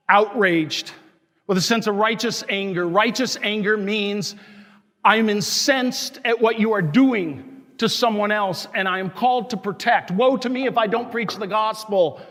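A man's voice: sits high, a little slow, fairly bright tone. A man, a parish priest, preaching an impassioned sermon full of rhetorical questions and declared righteous anger. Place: large church. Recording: long church reverb.

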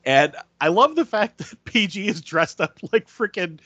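A man's voice: sits high, big pitch swings, moderate pace, bright, forceful tone, dry recording. A man co-hosting a podcast, recapping a film in casual chat and laughing often as he acts out lines. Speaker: podcast co-host. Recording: dry, dull lo-fi audio.

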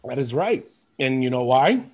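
A man hosting a podcast, telling stories in an animated, casual way, laughing often and swearing. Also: mid-range voice, moderate pace. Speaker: podcast host. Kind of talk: casual chat.

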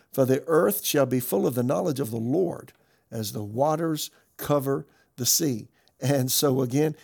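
A man's voice: on the high side, gravelly, warm tone. A male pastor delivering a sermon with emphasis, reading scripture passages aloud.

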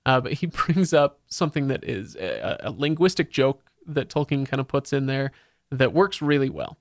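A man's voice: medium pitch, lively intonation, moderate pace, no room sound, studio quality. A man hosting a podcast, chatting casually and eagerly sharing book trivia. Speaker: podcast host.

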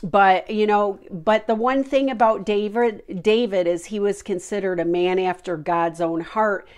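A woman's voice: medium pitch, a little slow, darkish tone. A middle-aged woman giving an informal, heartfelt Christian devotional talk, earnest and full of fillers.

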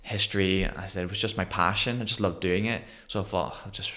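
A man in his thirties from Northern Ireland with a Northern Irish accent, a podcast guest telling his story in an animated way and acting out the voices of people he quotes. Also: low-pitched, brisk. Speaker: guest, motivational speaker. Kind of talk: conversational storytelling interview.

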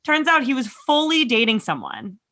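A woman's voice: high-pitched, wildly swooping pitch, sharp tone. A woman in her thirties co-hosting a podcast, telling a story in casual chat, swearing freely and quoting herself. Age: 30s. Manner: quick, swearing, quotes herself. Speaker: podcast co-host.

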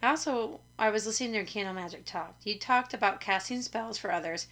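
This is a hoarse young woman chatting into a new microphone for her podcast. Her voice is rough from illness yet bright and forward at an everyday middle pitch. She rambles casually and keeps poking fun at herself. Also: a little fast. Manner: chatty, self-deprecating, rambling. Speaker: podcast host. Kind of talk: casual chat. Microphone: studio microphone.

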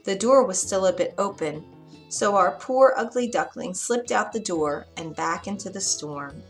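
A woman reading a children's story aloud, gentle and expressive. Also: mid-range voice, measured pace, faint music behind.

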